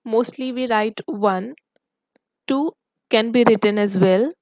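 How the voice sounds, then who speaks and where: A woman teacher explaining a poem's devices to her students in a recorded online lesson, speaking in a measured, explanatory way. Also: a little high, no echo, highs cut off. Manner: slow, explanatory, addresses students. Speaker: school English teacher.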